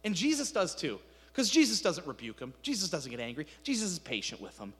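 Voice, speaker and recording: A male pastor with a high voice preaches in a casual, talky way, asking his listeners questions. His voice rings with long reverb through a large sanctuary. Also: huge pitch swings, a little fast, pushed and bright, slightly rough. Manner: conversational preaching, rising to fervent emphasis. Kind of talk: sermon.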